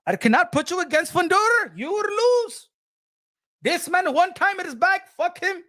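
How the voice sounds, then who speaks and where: A man's voice: extremely high pitch, big pitch swings, normal speed, sharp tone, dry recording, clean studio sound. A man, ranting as a profane, mocking boxing commentator.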